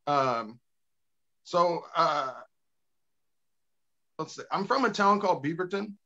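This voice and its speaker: A man's voice: on the high side, lively intonation, takes it slowly, bright, forceful tone. A man doing a stand-up set in a small bar, laughing at his own jokes and acting out voices. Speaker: stand-up comedian. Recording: dull lo-fi club recording.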